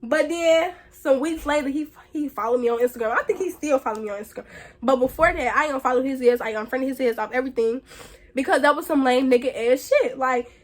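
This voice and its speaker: A young woman vlogger telling a story in a casual, blunt, profane way, animated and slangy. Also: high-pitched, quick pace.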